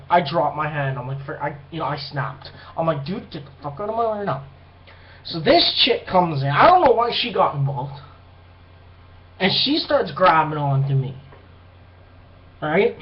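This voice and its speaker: Young man, high voice, swearing and rambling through a bar story, dull lo-fi recording. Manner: profane, rambling, animated retelling. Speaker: vlogger. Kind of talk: casual storytelling monologue.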